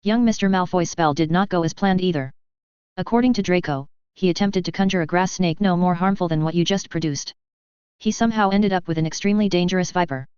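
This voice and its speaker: A woman voicing a wise, very old male wizard headmaster who talks in a measured, courteous way. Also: fairly low pitch, darkish tone, clear, resonant tone, dry recording, muffled recording, natural voice.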